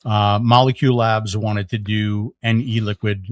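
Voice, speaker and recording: A middle-aged man with a fairly low voice tells a story as a podcast guest. He is animated, uses many fillers and restarts himself often. The recording is dry and close, with no room sound. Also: normal speed, no room sound. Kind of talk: conversational storytelling.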